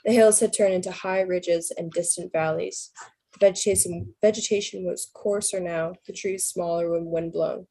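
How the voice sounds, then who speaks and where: A woman reading a novel aloud in an easygoing, unpolished way, tripping over words and correcting herself now and then. Her voice sits low and husky with a gravelly edge. The recording is close and dry, with no room sound. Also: fairly even intonation, normal speed, mellow, low-quality recording. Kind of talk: casual read-aloud narration.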